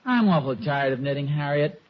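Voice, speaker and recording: A man's voice: fairly high pitch, expressive, brisk. A man playing an easygoing middle-aged husband and father in a 1950s radio sitcom, stammering and sheepish, on a dull old radio recording.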